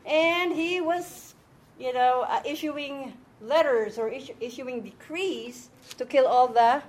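A woman's voice: high-pitched, takes it slowly, darkish tone. A woman teaching an informal Bible and Hebrew lesson to a small group, explaining step by step and often checking that her listeners follow.

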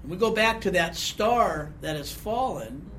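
A man's voice: high-pitched, lively intonation, a little slow, bright, forceful tone, slight background noise. A man preaching a sermon, talking conversationally and asking the congregation questions with a frequent "okay?". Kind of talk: sermon Bible teaching.

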